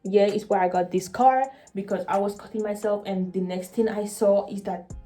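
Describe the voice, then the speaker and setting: A young woman vlogger telling a personal story in an earnest, halting way, emotional and often repeating her words. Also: mid-range voice, fairly even intonation, warm tone.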